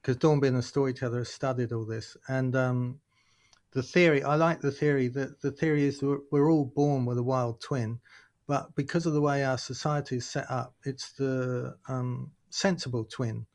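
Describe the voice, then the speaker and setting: A man, a guest chatting on a video call, telling lively stories and acting out other people's voices. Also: mid-range voice. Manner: animated storytelling, acts out voices of others. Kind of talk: casual interview chat.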